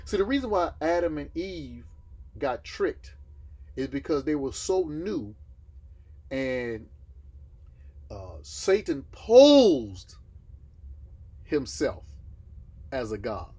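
Husky man teaching a Bible class. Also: on the high side, sing-song, takes it slowly, long pauses, mellow. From Southern United States. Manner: asks listeners questions and answers them himself.

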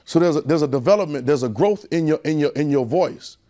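Male preacher, sermon delivery, folksy asides to the congregation, climbs in pitch and volume on key points. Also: brisk, mellow. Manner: call-and-response preaching, building in pitch and volume.

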